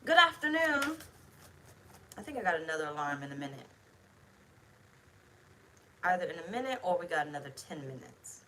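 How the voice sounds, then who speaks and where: Blunt, bright-voiced woman tarot reader. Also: low voice, expressive, a little fast, pauses often, a little hiss or hum, low-quality recording. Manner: blunt, profane, emphatic, chatty. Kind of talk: casual tarot reading to camera.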